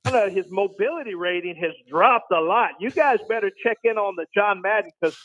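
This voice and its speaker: Man doing a folksy older team owner, high voice, rambling, deadpan, phone-line sound. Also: fairly quick. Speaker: caller.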